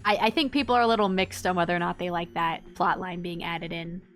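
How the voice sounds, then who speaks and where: A woman's voice: lowish voice, fairly even intonation, fast talker, soft background music. Chatty woman streaming a game. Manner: chatty, reacts aloud, laughs. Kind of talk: casual gameplay commentary.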